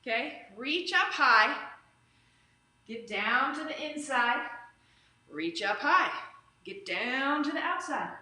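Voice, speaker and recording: Leading a workout in a live online class, a bright, high-voiced woman speaks expressively and slowly, pausing often. She's upbeat and chatty and drifts off on tangents, streaming via camera or phone in a room with roomy echo.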